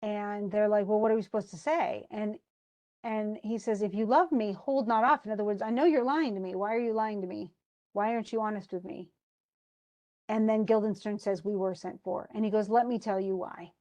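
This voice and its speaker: Woman teacher, casual, paraphrases a play's lines in loose everyday speech, mid-pitched. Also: steady tone, a little fast, darkish tone. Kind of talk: casual lesson, retelling a play.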